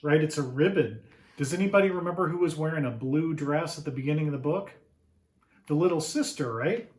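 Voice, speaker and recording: A man reading his own picture book to children in an animated read-aloud, pausing to ask them questions. His voice sits a little high for a man. A roomy echo surrounds the recording.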